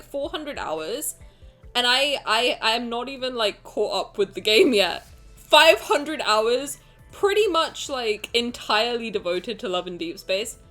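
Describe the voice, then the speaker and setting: Excitable young woman streamer, lively pitch. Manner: excitable, swears, exclamations, greets chat. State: emotional, near tears. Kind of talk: casual live-stream chat. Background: faint music.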